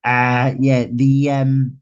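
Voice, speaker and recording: A man's voice: medium pitch, completely flat delivery, very slow, dull audio, crowd noise. A Scottish man co-hosting a casual football podcast, telling anecdotes in an easygoing way. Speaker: podcast co-host.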